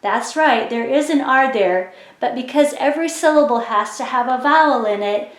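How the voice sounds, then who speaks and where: A woman teaching a phonics lesson to children, explaining slowly and clearly with encouraging prompts. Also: on the high side. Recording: echoey room.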